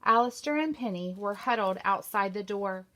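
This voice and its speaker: A woman teacher reads a novel aloud to her class in a steady storytelling manner, with a mid-range voice at normal speed.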